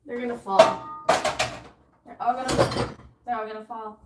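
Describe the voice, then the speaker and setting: A woman's voice: on the high side, steady tone, a little slow, very noisy. Chatty woman streaming while she cooks. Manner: chatty, talks to herself and answers chat while cooking. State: out of breath at times. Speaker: livestream host. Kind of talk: casual cooking livestream chat.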